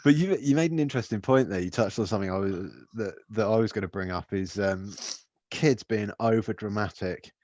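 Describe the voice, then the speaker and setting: A man's voice: lowish voice, a little fast, a little mellow, no room sound. Laid-back sweary man, dull mic. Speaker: podcast co-host. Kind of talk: casual chat.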